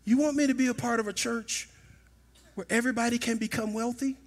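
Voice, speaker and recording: A middle-aged man preaching a sermon in a church, telling a personal story and rising to shouts at its peaks. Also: extremely high pitch, fairly even intonation, brisk. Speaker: pastor. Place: church sanctuary.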